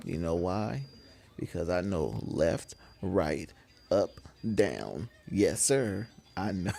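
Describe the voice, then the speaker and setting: A man chatting casually with viewers on a gaming live stream, laughing often and getting animated when he rants. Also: low voice, slow pace, creaky. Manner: laid-back, laughs often, gets animated when ranting.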